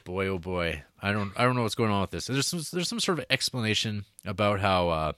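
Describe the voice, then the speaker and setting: Man, casual podcast chat, animated, laughs a lot, dry close recording. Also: on the low side, fairly quick, no echo. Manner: animated, laughs often, acts out quotes. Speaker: podcast co-host reviewing a film.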